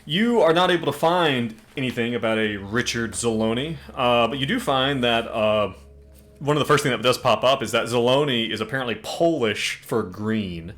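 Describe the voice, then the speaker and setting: A man's voice: mid-range voice, moderate pace, a bit bright. A man narrating as game master of a tabletop game, loose and laughing, with plenty of filler.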